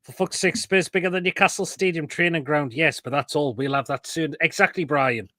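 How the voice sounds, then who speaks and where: A man's voice: on the high side, a little fast, bright, forceful tone, slight background noise. A man hosting a casual live football chat online, reading out viewer comments and swearing freely. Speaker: host.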